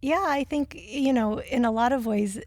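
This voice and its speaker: A woman on the member care team, answering interview questions in a thoughtful, measured way with frequent pauses. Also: a little high, a little mellow, no room sound, clean studio sound. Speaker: missionary, member care staff.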